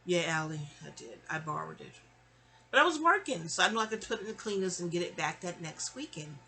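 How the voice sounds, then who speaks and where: A woman's voice: on the low side, fairly quick. Chatty New woman telling stories. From New York City. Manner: chatty, animated, digressive. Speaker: storyteller. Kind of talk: casual storytime venting.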